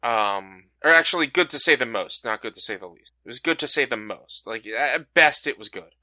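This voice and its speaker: Bright, blunt podcast co-host. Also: male voice, medium pitch, lively intonation, normal speed, no echo. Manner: blunt, swears freely. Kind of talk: casual chat.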